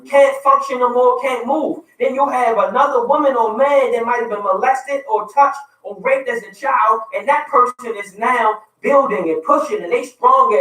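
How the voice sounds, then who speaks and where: A man's voice: very high-pitched, bright, forceful tone, roomy sound, recorded from a distance, low-quality recording. A man with a Baltimore accent co-hosting a radio talk show, speaking passionately and building to emphatic points like a preacher. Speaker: radio show co-host and youth mentor.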